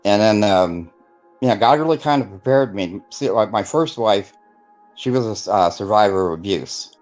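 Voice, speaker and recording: A man with a fairly low voice tells a long personal story in a loose, rambling way, full of fillers and restarts. He slips into the voices of the people he quotes. The sound is dull and lo-fi, with faint music underneath. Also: lively intonation, normal speed, a little mellow. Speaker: guest telling his testimony. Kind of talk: casual storytelling interview.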